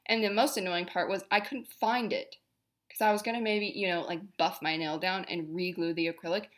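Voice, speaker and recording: A woman's voice: lowish voice, fairly even intonation, a little fast. A young woman hosting a podcast, talking in a chatty, rambling, exasperated way about everyday annoyances. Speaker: podcast host. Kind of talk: casual monologue.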